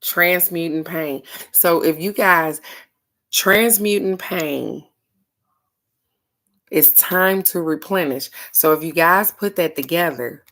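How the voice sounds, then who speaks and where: A woman's voice: on the low side, takes it slowly, a bit bright. A middle-aged woman doing a casual card-of-the-day reading, talking in a frank, earnest way with the odd swear. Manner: frank, earnest, occasionally profane. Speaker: oracle card reader.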